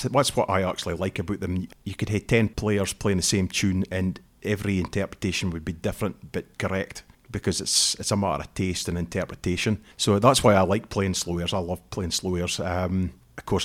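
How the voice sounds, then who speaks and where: A middle-aged man from northeast Scotland with a Scottish accent, chatting in an interview and telling stories with frequent restarts. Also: sits low. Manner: chatty, storytelling, often restarts phrases. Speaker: interviewed fiddler. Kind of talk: relaxed interview chat.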